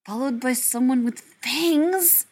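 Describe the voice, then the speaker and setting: A jumpy young man on the run, snapping out tense, sarcastic lines in a breathy, husky voice, as a woman reads him in a storybook. His pitch sits mid-range, not deep. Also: fast talker, natural voice.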